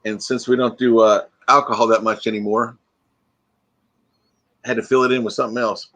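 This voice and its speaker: A man's voice: mid-range voice, flat delivery, a little fast, fairly bright tone. Chatty man hosting a live stream. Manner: chatty, reads viewer comments aloud and answers them. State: groggy, freshly woken. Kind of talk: casual live stream chat.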